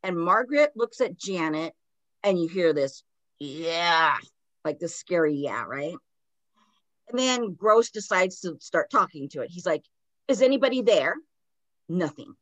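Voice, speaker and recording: A woman hosting a podcast talks through a story in a relaxed, conversational way. Her voice sits on the low side and is scattered with "like" and "kind of." The sound is close and dry, with no room echo. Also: normal speed. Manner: retells a story loosely, with many "like" fillers. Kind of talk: casual storytelling chat.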